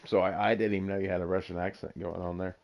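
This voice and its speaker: A man hosting a casual podcast chat, excitable and teasing, swearing freely. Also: low-pitched, fast. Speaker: podcast host. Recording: dull lo-fi voice chat.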